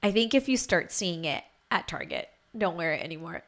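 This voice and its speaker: A young woman guest in a casual podcast chat, relaxed and chatty with lots of "like". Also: lowish voice, brisk. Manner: relaxed and chatty, heavy use of "like".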